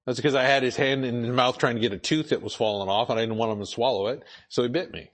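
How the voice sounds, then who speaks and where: A man delivers a sermon in a conversational, preacherly style. He drifts into asides and restarts his phrases as he goes. His voice sits at an ordinary middle pitch for a man. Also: steady tone, quick pace. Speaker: pastor.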